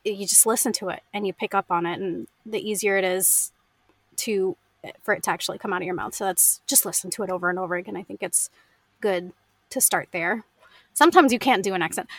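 An American woman, an audiobook narrator, chatting casually in an interview, laughing often and filling pauses with ums. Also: medium pitch, no echo.

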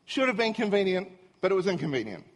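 Man, middle-aged, self-mocking, animated storyteller, high pitch. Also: quick pace. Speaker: speaker. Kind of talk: humorous storytelling talk to an audience.

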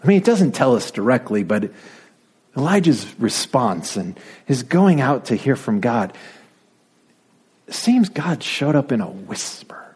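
Male preacher, lively delivery, slightly husky tone, playful whispered asides. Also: medium pitch, unhurried. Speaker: pastor. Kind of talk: sermon.

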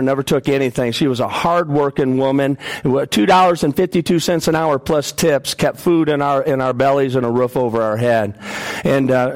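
A man preaching a sermon, telling personal stories earnestly and often repeating and restarting his words. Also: on the high side.

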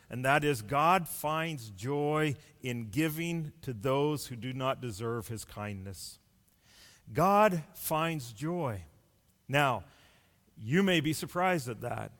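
A man preaching a sermon as pastor, deliberate and building long runs of rhetorical questions. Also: medium pitch, fairly bright tone, big-room sound.

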